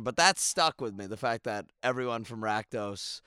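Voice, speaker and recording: A man's voice: mid-range voice, expressive, normal speed, sharp tone, a little hiss or hum. A man co-hosting a tabletop gaming podcast, chatting casually and laughing often. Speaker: podcast co-host.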